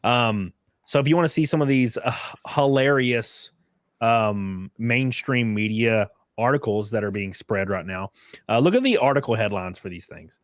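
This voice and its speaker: A young man hosts a casual political livestream, loose and profane, mocking what he reads aloud and acting out quotes with big pitch jumps. His intonation is lively and his speed normal, recorded at studio quality with no room sound.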